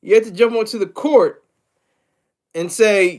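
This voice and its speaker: High-voiced man rambling on a livestream. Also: measured pace, pauses often. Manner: rambling, repeats himself, many fillers; asks viewers for tips. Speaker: livestream host. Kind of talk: casual livestream commentary.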